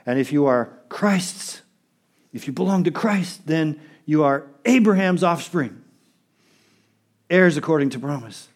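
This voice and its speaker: A man's voice: a little high, lively intonation, measured pace. A pastor preaching a sermon, emphatic and repeating phrases for stress while he speaks straight to his congregation.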